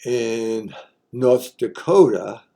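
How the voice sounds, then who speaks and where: Folksy, mellow-voiced older man joking. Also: mid-range voice, very slow, gravelly. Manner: folksy, wry, joking asides. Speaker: host. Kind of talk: casual explainer monologue.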